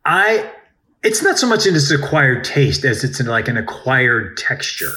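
A man's voice: mid-range voice, very animated, normal speed, bright, forceful tone. A man co-hosting a podcast in casual chat, playful and joking, swearing now and then. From United States. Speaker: podcast co-host.

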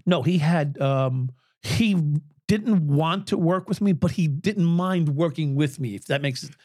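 A fairly high, slightly mellow voice belongs to a former police officer in his sixties who talks a little slowly as a podcast guest. He shares candid stories bluntly, swearing freely and chuckling, in a studio-quality recording with no room sound.

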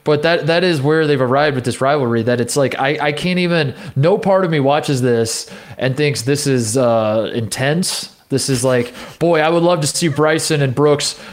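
A man co-hosting a podcast, musing in a loose, rambling way, restarting his sentences often. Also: fairly high pitch. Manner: rambling, halting, with many restarts. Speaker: podcast co-host. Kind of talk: casual chat.

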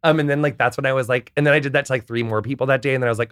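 A man's voice: medium pitch, very fast, few pauses, dry recording, studio quality. An American man chatting as a podcast guest, telling stories in a rambling way full of fillers. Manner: rambling, full of "like", animated storytelling. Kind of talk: casual chat.

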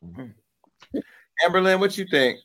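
A man hosting a chatty talk show, his voice sitting a little higher than most men's. He jokes and curses freely in quick, loose banter. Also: big pitch swings, a bit bright. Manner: profane, joking, rapid banter. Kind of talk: casual chat.

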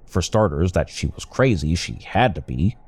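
A young man tells a first-person story in a wry, conversational manner. His voice sits low and mellow. His pitch moves in lively swings as he narrates. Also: moderate pace, husky.

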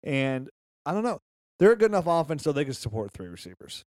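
A man co-hosting a podcast, chatting about football in a lively, joking, excitable way. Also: fairly high pitch, fast talker, no echo, clean studio sound. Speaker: podcast co-host. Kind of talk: casual sports chat.

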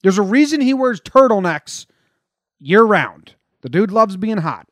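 A young man co-hosting a podcast, joking and telling animated stories about a baseball game. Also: high voice, a little slow, no echo, studio quality. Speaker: podcast co-host. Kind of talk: casual sports chat.

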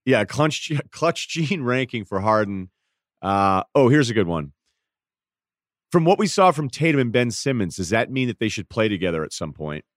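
A man's voice: lowish voice, sing-song, normal speed, dry recording. A man as a podcast guest in casual sports chat, playful and riffing through mock bits in a studio. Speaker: podcast guest, basketball analyst.

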